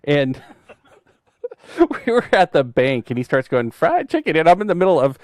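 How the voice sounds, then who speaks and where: Middle-aged guy cohosting a podcast, jokey storyteller, yells now and then, dry close sound. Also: fairly high pitch, very animated, moderate pace, dry recording. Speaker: podcast co-host, author. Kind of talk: casual chat.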